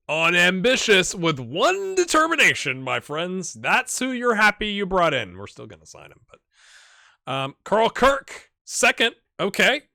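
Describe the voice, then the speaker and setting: A man giving chatty, excitable live commentary over a game as a channel host, talking straight to his viewers. His voice sits a touch high and swings widely in pitch. The sound is dry and close, with no room around it. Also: creaky, no echo.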